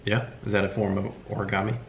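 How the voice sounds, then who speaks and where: A man's voice: lowish voice, little pitch movement, fast, slight background noise. A young man co-hosting a casual chat with a laid-back, dry manner. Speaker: co-host. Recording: roomy echo.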